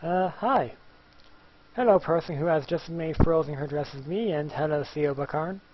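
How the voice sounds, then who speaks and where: Brief: male let's-player, high-ish, silly and chatty, muffled home mic. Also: moderate pace, slight background noise. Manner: playful, jokey, sings little chants. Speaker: gameplay commentator. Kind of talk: casual let's-play commentary.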